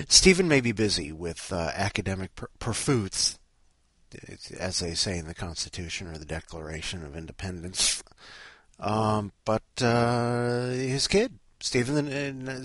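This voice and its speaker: A man's voice: fairly low pitch, normal speed, fairly bright tone, dry recording, clean studio sound. A man hosting a podcast, rambling casually with lots of swearing and self-mocking grumbles. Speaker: podcast host.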